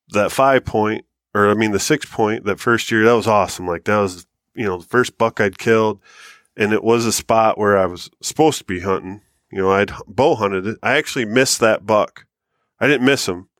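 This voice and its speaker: A man co-hosting a hunting podcast, telling long stories in a loose, animated way and swearing freely. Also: fairly low pitch, no room sound, clean studio sound. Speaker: podcast co-host. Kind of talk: casual storytelling chat.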